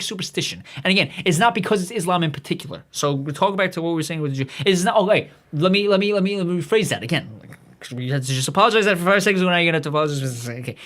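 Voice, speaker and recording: A man hosting a livestream, rambling through a profane monologue full of restarts and asides. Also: fairly high pitch. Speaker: livestream host.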